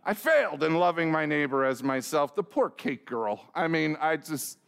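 A middle-aged man delivers a sermon in a somewhat high voice. He mixes a self-mocking personal story with direct questions to his listeners and acts out the dialogue as he goes. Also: animated, moderate pace, creaky, fairly bright tone, smooth. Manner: asks the congregation direct questions. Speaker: pastor.

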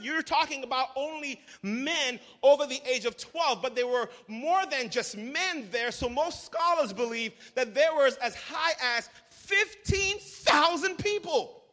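A man preaching a sermon as pastor, telling the story with humor and animated asides. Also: extremely high pitch. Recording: large hall reverb.

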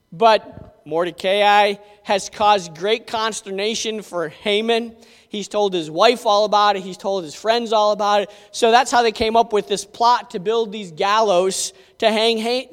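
A man preacher with a strikingly high, bright and clear voice, retelling a Bible story in an animated, conversational way. He turns to the listeners with asides. A long hall reverb trails behind his words. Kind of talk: dramatic Bible storytelling sermon.

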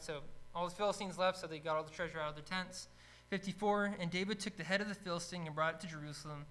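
A man teaching a casual Bible study, retelling stories with energy and acting out shouted lines. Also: high-pitched, slight background noise, low-quality recording.

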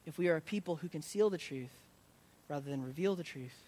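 An earnest male pastor preaching with a fairly high voice. He swells with intensity, then drops soft into prayer. A faint rumble sits under the recording. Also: fairly quick. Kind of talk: sermon.

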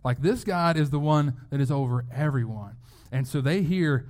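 A man's voice: a little high, expressive, moderate pace, hardly any pauses, a little mellow. A man preaching a sermon as a pastor, in a conversational way, often repeating words as he goes. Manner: conversational, with frequent word repeats.

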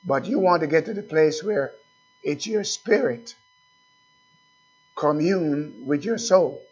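A male pastor preaches at a slow, deliberate pace, his voice slightly husky and pitched a little high. He keeps asking the listeners questions and repeating his phrases. The recording sounds dull and lo-fi. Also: animated, a little mellow. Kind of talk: sermon.

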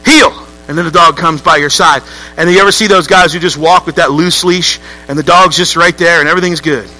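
A man preaching a lively, joking sermon to a church congregation. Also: a little high, a little fast, faint music behind, rough recording. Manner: lively, joking, acts out voices with rising outbursts. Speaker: pastor.

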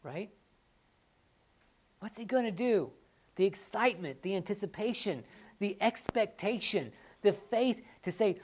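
A woman preaching a sermon in a church, moving between loud, excited rhetorical questions and quiet, earnest appeals. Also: mid-range voice, normal speed.

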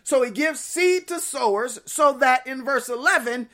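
High-voiced woman preaching emphatically. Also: unhurried, few pauses, fairly bright tone. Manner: emphatic, repeats scripture phrases, exclaims. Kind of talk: sermon.

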